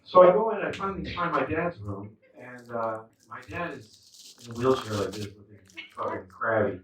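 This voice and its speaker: A man in his fifties doing a stand-up set, telling stories in a lively way with acted-out quotes. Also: medium pitch, moderate pace. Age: 50s. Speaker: stand-up comedian. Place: indoor comedy club. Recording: echoey club, distant mic, noisy.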